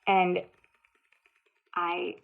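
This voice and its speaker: A woman in her late thirties, telling her personal story in an emotional, halting way, with many restarts and fillers. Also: lowish voice, monotone, creaky. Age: 30s. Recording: tinny phone-like sound.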